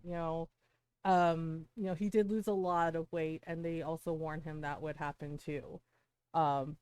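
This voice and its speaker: A woman's voice: lowish voice, warm tone, no room sound, low-quality recording. A middle-aged woman game streamer telling a story on a live stream, heated and emphatic, swearing often.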